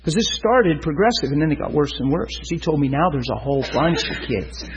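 A man preaching a sermon who tells a story and speaks to his listeners in an animated, emphatic way. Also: a little high, fairly quick. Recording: dull lo-fi recording.

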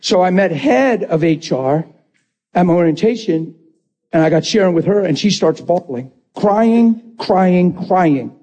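A man preaching a lively testimony, acting out the voices in his story and laughing often. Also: high voice, measured pace. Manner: animated, acts out quotes, laughs often. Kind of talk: sermon storytelling.

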